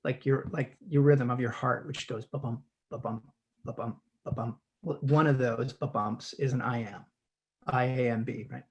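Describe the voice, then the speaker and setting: Give me a man speaking haltingly over a video call, stumbling over his words as he explains. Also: mid-range voice, fairly even intonation, a little mellow, lo-fi sound. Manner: halting, frequent restarts and repeated words. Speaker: guest actor. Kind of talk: conversational teaching chat.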